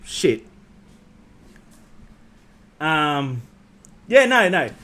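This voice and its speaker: A man's voice: on the high side, very animated, drawn-out words, pushed and bright. A man hosting a casual livestream chat, rambling with many ums and restarts and swearing freely. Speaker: host.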